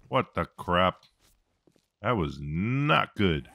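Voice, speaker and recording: Low-voiced man reacting to a game. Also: animated, measured pace, fairly bright tone, slight background noise. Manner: reactive, swears and jokes while fighting. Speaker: gameplay commentator. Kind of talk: let's-play commentary.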